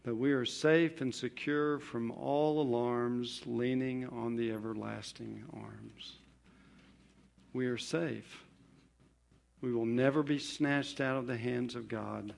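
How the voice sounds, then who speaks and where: A man preaching a sermon on scripture, emphatic, rising on key points and falling quiet at their close. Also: steady tone, slow pace, vocal fry. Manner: emphatic, building to stressed promises then dropping low.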